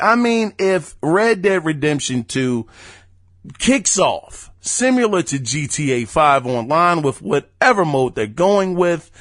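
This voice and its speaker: A man's voice: on the high side, dry recording, studio quality. A man hosting a podcast, chatting casually and emphatically about gaming news, sometimes reading out quotes. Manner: animated, chatty, emphatic asides. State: hiccuping. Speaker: podcast host.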